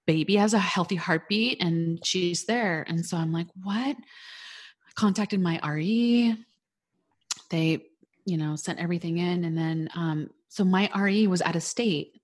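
A woman in her thirties telling her fertility story in a casual chat, animated and quick to quote what people said. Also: fairly low pitch.

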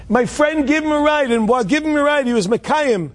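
Man, high voice, casual inspirational storyteller, loose and restarting, Hebrew words sprinkled in. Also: lively intonation, fast talker, few pauses, fairly bright tone. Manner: conversational, with frequent restarts and Hebrew and Yiddish terms.

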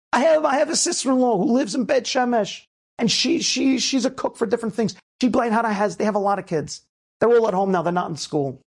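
Rabbi, male, gravelly and husky, animated storyteller who builds to emphatic calls. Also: high voice. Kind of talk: inspirational talk.

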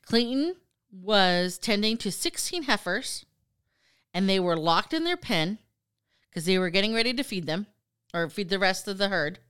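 A woman co-hosting a casual podcast, telling a story in an animated way, with some swearing and acted-out quotes. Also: medium pitch, normal speed, clean tone. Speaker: podcast co-host.

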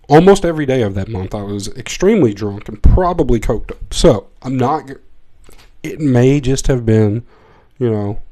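A man hosting a podcast, telling a comic story in a profane, excitable, rambling way. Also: mid-range voice. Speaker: podcast host. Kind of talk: comedic storytelling monologue.

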